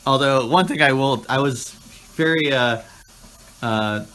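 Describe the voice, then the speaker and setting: A man's voice: medium pitch, unhurried, a bit bright. A man co-hosting a casual chat, teasing and trash-talking his friend.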